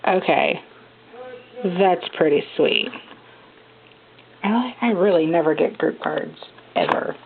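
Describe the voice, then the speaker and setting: A young woman filming an unboxing vlog one-handed at home, chatty and excitable, often gasping over what she finds. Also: on the low side. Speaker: vlogger unboxing a gift. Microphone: handheld phone camera. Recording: tinny phone-like audio with noise.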